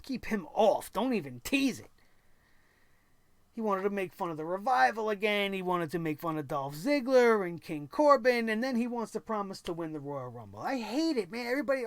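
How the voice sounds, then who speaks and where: A male wrestling show host rants through an episode recap, sarcastic and exasperated, breaking into mocking impressions. His voice sits high for a man. The sound is dry and close, with no room around it. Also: big pitch swings, normal speed, dry recording. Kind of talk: opinionated recap commentary.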